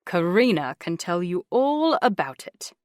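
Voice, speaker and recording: A woman voicing a steady, matter-of-fact young man. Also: lowish voice, unhurried, no echo, studio quality. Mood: firm.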